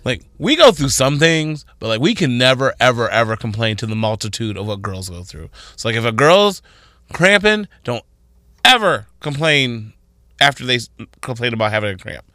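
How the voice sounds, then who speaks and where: A man co-hosting a morning radio show, telling stories with energy and slipping into high voices when quoting people. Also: moderate pace, no room sound, clean studio sound. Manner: animated storytelling, voicing others in high tones. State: tired after a night of drinking. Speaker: radio co-host. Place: radio studio.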